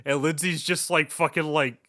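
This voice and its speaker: A man's voice: on the high side, steady tone, normal speed, pushed and bright, no echo, clean studio sound. A man co-hosting a podcast, casually recapping a horror film, swearing, laughing, and acting out the characters' lines. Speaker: podcast co-host. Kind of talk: casual movie recap chat.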